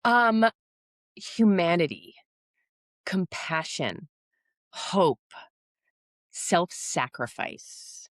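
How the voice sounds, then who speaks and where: A woman actor chatting casually in an interview, animated and laughing often as she quotes herself. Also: on the low side, drawn-out words, long pauses, no echo, studio quality. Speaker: actor in a stage musical.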